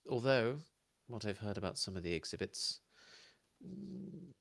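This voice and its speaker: A man's voice: medium pitch, very animated, unhurried, gravelly, dry recording, voice pushed up, exaggerated voice. A man voicing a polite, businesslike male library clerk in a tabletop game. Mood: formal. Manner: polite, formal and careful.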